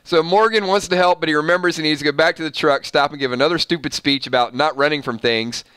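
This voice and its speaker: Bright, laughing male recap host. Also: a little high, steady tone, quick pace, smooth, dry recording. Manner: laughing often, sarcastic asides. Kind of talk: casual TV recap reading from an article.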